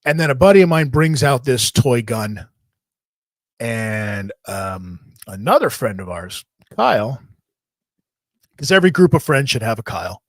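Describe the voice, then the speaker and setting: A man hosting a podcast, telling a long story in a rambling, profane, animated way. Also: medium pitch, a little slow, dry recording. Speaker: podcast host. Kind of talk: casual storytelling.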